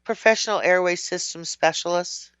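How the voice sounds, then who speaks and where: A woman's voice: fairly low pitch, moderate pace, a bit bright, clear, resonant tone, no echo, muffled recording. A woman co-hosting a talk show, teasing and skeptical in casual banter. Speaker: podcast co-host.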